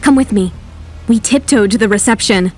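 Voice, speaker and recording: A woman narrating in the first person as a brave, sarcastic teenage schoolgirl in an animated story. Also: medium pitch, normal speed, lightly acted. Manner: sarcastic, determined.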